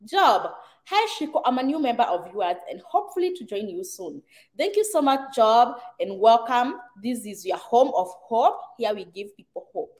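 A middle-aged Kenyan woman with a Kenyan accent and a slightly high voice hosts a relaxed live chat. She reads out viewer comments in a chatty way, laughing easily and slipping into Swahili phrases. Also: moderate pace. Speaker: livestream host reading viewer comments.

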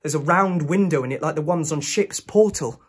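A frantic young Londoner in a one-man theatre monologue, racing and breathless in the present tense. The voice is husky and set fairly high. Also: normal speed. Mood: restless. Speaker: stage performer.

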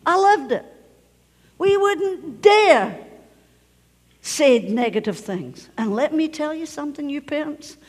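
A woman's voice: sits high, very animated, takes it slowly, pauses often. Scottish woman pastor preaching in a reverberant church. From Scotland. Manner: emphatic, repeats key phrases, drops to a near whisper at times. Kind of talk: sermon. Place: church sanctuary.

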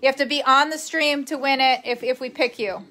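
A woman's voice: high voice, steady tone, a little fast, bright, forceful tone. A young woman live-streaming in casual chat, rambling along and reading viewer comments aloud.

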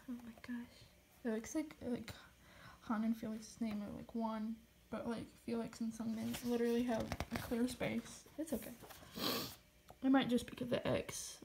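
High-voiced young woman gushing over an unboxing. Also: little pitch movement, moderate pace, creaky, mellow, slight background noise. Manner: gushing, often drops to a whisper. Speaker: vlogger. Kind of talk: unboxing vlog commentary.

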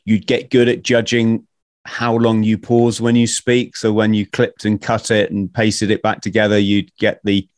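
A man with a fairly low voice hosts a podcast, talking in a chatty, jokey and informal way. His voice is recorded dry and close, with no room sound around it. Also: completely flat delivery, moderate pace, no echo. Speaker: podcast host. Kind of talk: casual conversation.

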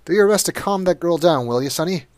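A man playing a gruff male jailer in a cop game, loud and complaining. He speaks in a raised, grumbling voice, pitched above a normal talking voice. The sound is dry and close. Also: expressive, fast talker, no echo, natural voice.

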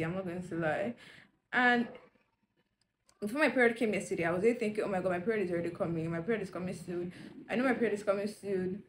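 A woman's voice: medium pitch, slight background noise. A young woman vlogging at home, chatting candidly and rambling straight to her viewers. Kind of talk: casual chatty vlog. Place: indoors at home.

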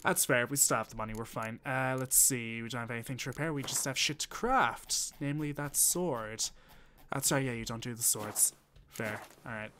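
A man's voice: medium pitch, normal speed, sharp tone, slight background noise. A man, chatting and swearing casually as he thinks aloud while playing a game on stream. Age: 20s. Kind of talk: casual gameplay commentary.

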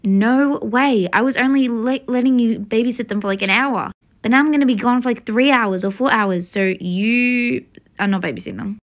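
A woman voicing a busy, firm mother in a toy-game role-play. The mother speaks loudly and brightly and is affectionate but does not give in. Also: a little high, moderate pace, natural voice.

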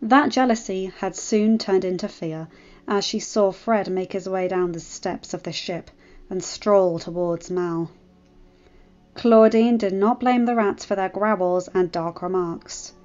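A woman's voice: medium pitch, unhurried, darkish tone, highs cut off. Woman reading fan fiction aloud. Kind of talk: story narration.

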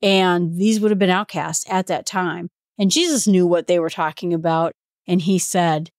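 Woman, lower register, casual Bible-study teacher, conversational explainer, dry close recording. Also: normal speed, no room sound. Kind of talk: informal Bible study talk.

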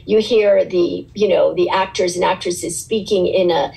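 A woman's voice: on the low side, steady tone, moderate pace, vocal fry, dark tone, rough recording. A woman in her sixties, a guest in an interview, recalling past work in a chatty, rambling way with frequent restarts. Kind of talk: relaxed interview recollection.

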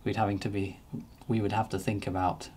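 A man narrating a painting demonstration as he works, relaxed and thinking aloud. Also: fairly low pitch, brisk, slightly rough. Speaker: painting teacher.

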